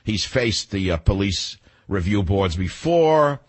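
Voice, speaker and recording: A man's voice: fairly low pitch, expressive, slow. An older man hosting a talk radio show, delivering an indignant, combative monologue.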